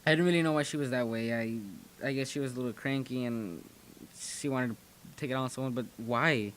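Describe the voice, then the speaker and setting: A teenage boy talks straight to his viewers about his school days. He rambles and often restarts his sentences, in a voice of middle pitch. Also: brisk, a bit bright, slight background noise. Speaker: channel host. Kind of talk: casual storytelling commentary.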